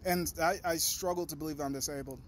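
Young guy with a pretty high voice just rambling and cussing at the camera, all over the place, faint hum in the back. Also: fast talker. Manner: profane, animated, digressive; talks in a high sing-song to his dog. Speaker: vlogger. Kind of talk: rambling casual monologue.

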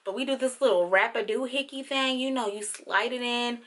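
A young woman chatting casually through a clothing try-on haul, playful and slangy, with sudden high squeals of excitement. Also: moderate pace. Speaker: fashion vlogger.

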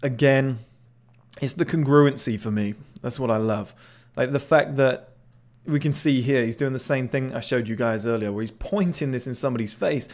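A man's voice: medium pitch, moderate pace, a little mellow. A man casually commenting on a video clip, chatty and swearing now and then, often repeating words as he restarts. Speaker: body language analyst.

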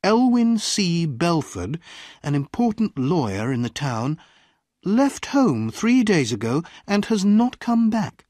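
Man, audiobook narrator, slow measured reading, very lively pitch, slightly husky, dry close sound. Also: dry recording. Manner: slow, deliberate reading with wide swings in pitch. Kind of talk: graded-reader storytelling.

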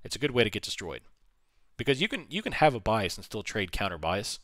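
A man hosts a casual trading stream in a low, hoarse voice worn out from a week of talking. He answers questions in a relaxed way and drops quieter while he checks prices. The sound is dry and close, with no room around it. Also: brisk, no room sound. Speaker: trading livestream host. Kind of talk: casual livestream chat answering viewer questions.

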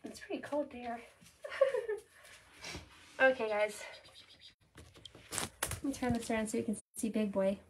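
A woman's voice: on the high side, sing-song, takes it slowly, long pauses, background noise. A woman hosting a casual livestream at a cat shelter, chatty and giggly, thanking viewers by name. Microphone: phone held in hand.

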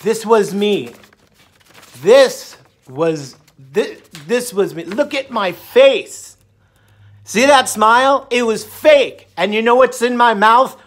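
High-voiced chatty man vlogging. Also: animated, slow pace, a bit bright. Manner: chatty, rambling, upbeat, breaks into song. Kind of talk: casual talk to camera, with bits sung.

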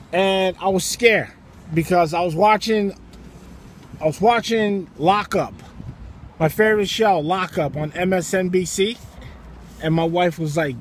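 Loud, profane man ranting outdoors. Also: sits high, slight background noise, rough recording. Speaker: vlogger. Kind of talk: casual phone vlog. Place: store parking lot outdoors.

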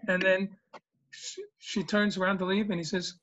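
A man's voice: sits high, fairly even intonation, normal speed, a bit bright, low-quality recording. A man in his seventies telling the joke of the day in a folksy, rambling way, with lots of ums and uhs. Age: 70s. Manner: folksy, rambling, with many fillers. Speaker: regular joke teller. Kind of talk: storytelling a joke.

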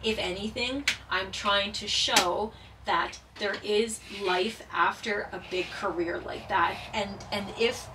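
A woman and former paramedic talking casually and earnestly while doing a jigsaw puzzle, halting with many fillers and holding back tears. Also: medium pitch, recorded from a distance, noisy background.

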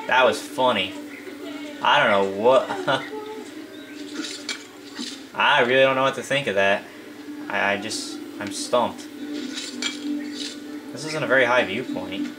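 A man's voice: medium pitch, takes it slowly, long pauses, music in the background. A young man giving casual live commentary over his gameplay. He chats loosely, says "dude" a lot, and often breaks into laughing disbelief.

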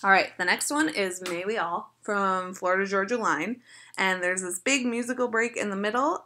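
Bright, gushing chatty woman vlogger. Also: mid-range voice. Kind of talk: casual chat.

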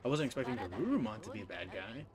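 A man's voice: fairly low pitch, expressive, very fast, crowd noise. A man giving casual let's-play commentary, reacting with exasperation and frequent laughs. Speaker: gameplay commentator. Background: game music.

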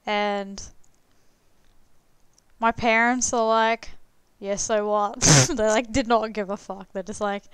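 Chatty young woman with a very smooth voice. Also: on the high side, fairly even intonation, slow, pauses often, fairly bright tone, no room sound. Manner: chatty, heavy on "like" fillers, swears freely. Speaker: streamer. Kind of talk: casual storytelling while playing a game.

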